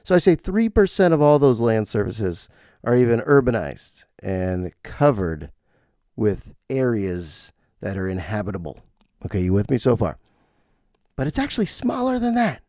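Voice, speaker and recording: A middle-aged man hosts his podcast in a rambling, self-deprecating comic monologue. His voice swings widely in pitch and has a gravelly texture. The sound is dry and close to the mic. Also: very animated, moderate pace, dark tone, dry recording. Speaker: podcast host. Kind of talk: comedic solo monologue.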